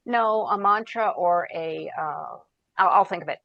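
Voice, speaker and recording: Woman guest, coach type, lowish pitch, dry close mic, chatty storyteller. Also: a little slow, creaky, no echo, highs cut off. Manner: storytelling, searches for words, quotes herself and others. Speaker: podcast guest, founder and coach. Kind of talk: conversational interview.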